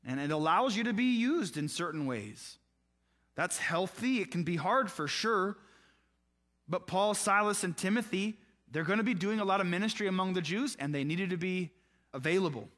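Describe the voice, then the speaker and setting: A man's voice: sits high, a bit bright. A man preaching a conversational sermon, asking his listeners questions and acting out short exchanges between people in the story. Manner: acts out voices of people in the story. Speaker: pastor.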